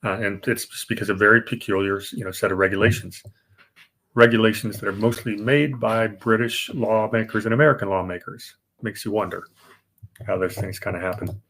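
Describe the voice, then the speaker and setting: A man's voice: on the low side, steady tone, brisk, a bit bright. A man co-hosting a podcast, explaining banking history casually, with fillers and restarts. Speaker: podcast co-host.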